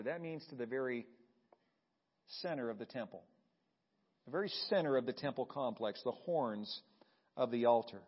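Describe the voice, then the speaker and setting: A male pastor preaching a sermon, asking the congregation questions and swinging between hushed and loud delivery. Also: a little high, highs cut off. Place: church sanctuary.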